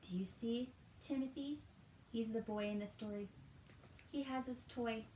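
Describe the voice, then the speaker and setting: A woman's voice: fairly high pitch, reverberant, slight background noise, low-quality recording. A woman teacher reading a picture book aloud to young children at home, drawing out words and asking them questions. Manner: animated, drawn-out words, talks to children. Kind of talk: storytime read-aloud. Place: at home, roomy indoor space.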